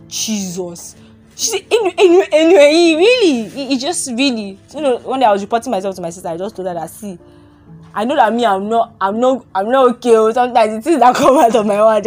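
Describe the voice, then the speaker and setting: A young woman hosts a casual faith podcast in an open, confessional way. She laughs easily and circles back to the same phrases. Faint music sits beneath her voice. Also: on the high side. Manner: candid, laughs often, repeats phrases. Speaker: podcast host.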